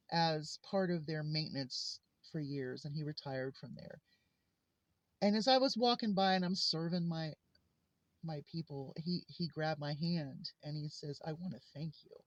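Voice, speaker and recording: Speaking in a lowish voice, a woman vlogger recounts personal stories with sincere, heartfelt earnestness in a casual monologue. The recording has no echo but is lo-fi and a little muffled.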